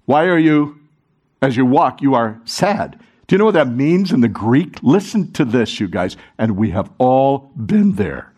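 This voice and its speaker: A man preaching a sermon to a congregation, animated, talking with the room and acting out the quoted voices. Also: mid-range voice, measured pace, breathy edge. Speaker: pastor.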